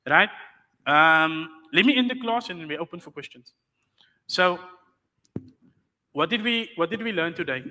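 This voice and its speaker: A man with a high, bright voice lectures a class on Islamic law. He explains patiently and keeps checking that the students follow. The sound carries a long reverb from the hall. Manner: explains patiently, checks understanding with rhetorical questions.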